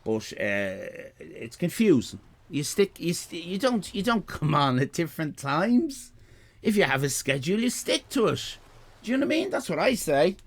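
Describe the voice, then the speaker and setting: A man in his fifties with an Irish accent, talking off the cuff to his live-stream chat. His voice sits a touch high for a man and jumps all over the place. He rambles, repeats lines and cracks jokes. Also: big pitch swings, moderate pace, vocal fry. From Ireland. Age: 50s. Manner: rambling, repeats himself, jokey and swearing.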